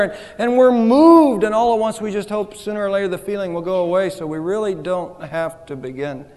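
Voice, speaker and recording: A man preaching a sermon, his voice sitting high for a man. He talks in a conversational, self-deprecating way, and the sound rings with the long reverb of a church hall. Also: a little fast, few pauses, a little mellow. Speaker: pastor.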